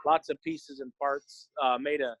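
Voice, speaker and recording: A man's voice: medium pitch, steady tone, measured pace, fairly bright tone, a little hiss or hum, rough recording. A middle-aged man walking through a car build in his workshop, listing the parts in short, matter-of-fact phrases. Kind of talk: casual walkthrough explaining a build.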